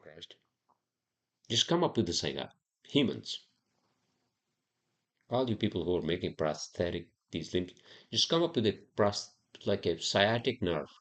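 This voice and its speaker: Deep-voiced man ranting profanely. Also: sing-song, unhurried, pauses often. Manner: rambling, profane, heated ranting. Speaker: podcast host. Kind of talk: ranting solo podcast.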